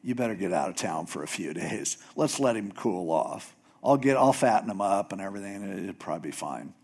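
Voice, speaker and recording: A man's voice: low voice, animated, brisk, a little mellow, breathy edge, pitched below the performer's own voice, full character voice. A man voicing a scheming mother who lays out a plan in a confident, conspiratorial way. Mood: hushed. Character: scheming mother, bossy and sure of herself.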